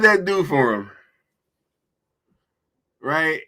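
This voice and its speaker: A man's voice: mid-range voice, unhurried, pushed and bright. Laid-back slangy man on a livestream. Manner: laughs often, slangy, reads out chat. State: hungry after a long day. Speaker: livestream host. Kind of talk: casual livestream chat.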